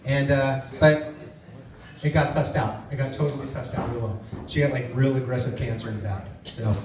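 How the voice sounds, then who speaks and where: A man's voice: mid-range voice, fairly even intonation, normal speed, noisy background. A man doing a stand-up comedy set, telling profane stories in a loose, rambling way. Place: comedy club stage. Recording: echoey club from far off with crowd. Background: audience laughter.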